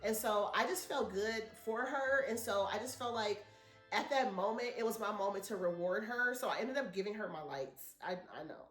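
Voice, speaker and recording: A woman's voice: mid-range voice, normal speed, fairly bright tone, reverberant, soft background music. A woman vlogger, chatting casually and telling a rambling story to her viewers. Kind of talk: casual chat to camera.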